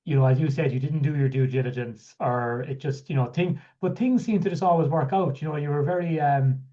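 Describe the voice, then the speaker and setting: A male podcast host with a warm, mellow, middle-pitched voice. He asks long questions in a loose, conversational way with fillers. The audio sounds dull and lo-fi. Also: a little fast. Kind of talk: conversational interview.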